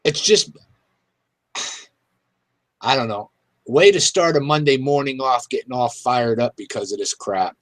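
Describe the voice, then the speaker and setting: Slow, irritated male talk host. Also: mid-range voice, no room sound. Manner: irritated, halting, many fillers. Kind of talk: casual political talk.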